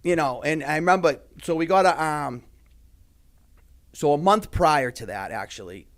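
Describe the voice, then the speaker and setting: A man's voice: on the high side, expressive, normal speed, a bit bright. A young man, a podcast guest in casual talk, rambling with many fillers and heavy swearing.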